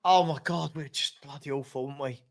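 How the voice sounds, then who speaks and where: An exasperated man with a fairly high voice hosts a live football watchalong. He calls each pass and groans at his own side's play between shout-outs to viewers. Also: fairly quick, creaky. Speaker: watchalong host.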